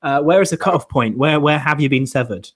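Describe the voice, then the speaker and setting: A man's voice: fairly high pitch, brisk. A man hosting a comedy phone-in show, amused as he quizzes callers. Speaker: host.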